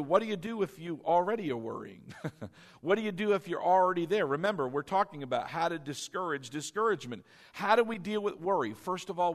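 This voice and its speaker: A man pastor preaching a sermon, animated and leading the congregation to repeat lines after him. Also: high-pitched.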